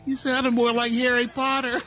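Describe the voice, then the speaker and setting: A man's voice: extremely high pitch, completely flat delivery, normal speed, bright, forceful tone, faint music behind, poor audio. A man co-hosting a radio show, tossing in wry quips during casual banter. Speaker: radio co-host.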